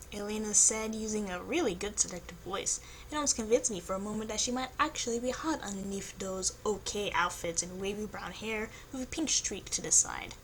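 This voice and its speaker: A fairly high-voiced young woman reads her own fanfiction aloud as a YouTuber. She breaks off now and then for playful, lively asides to her viewers, with a faint hum of room ambience behind her.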